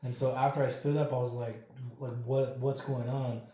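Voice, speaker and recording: A man's voice: mid-range voice, moderate pace. A man telling a ghost story as a podcast guest, casual and full of swearing. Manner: profane, animated storyteller. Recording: very echoey room.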